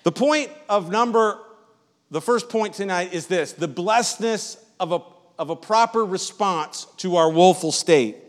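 High-voiced preacher in a reverberant hall. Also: male voice, unhurried. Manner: conversational preaching, asks the congregation "Amen?"; repeats and restarts phrases. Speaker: pastor. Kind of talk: sermon. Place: church sanctuary.

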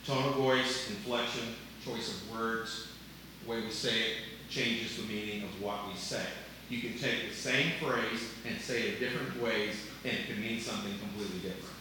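An older man preaching a sermon, earnest, moving between loud emphasis and quiet asides. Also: medium pitch, animated, moderate pace, a little hiss or hum. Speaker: pastor. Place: church sanctuary. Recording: echoey room, voice from a distance.

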